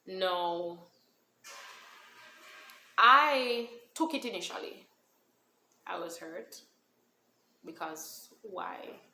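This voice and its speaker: A woman tells her own story to camera in a lively, conversational way and drifts into patois as she goes. Her voice sits on the low side but has a bright, forceful edge. The recording picks up a roomy echo and a faint hum of ambience behind her. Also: drawn-out words, long pauses. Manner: animated, switches into Caribbean-style patois when emotional. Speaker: vlogger telling a personal story. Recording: echoey room with faint ambience.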